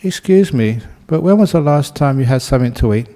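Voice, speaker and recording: A man voicing a kind, generous male abbot who calmly speaks to a burglar in a told story. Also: mid-range voice, fairly quick, lightly acted. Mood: gentle. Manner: gentle, patient, offering.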